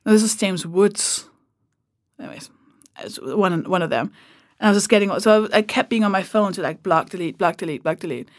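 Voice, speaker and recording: A woman comedian appears as a guest on a podcast, chatting casually in a mid-range voice at a fairly quick pace. She tells her stories in an animated way, acting out the people she quotes. The audio is studio quality with no echo.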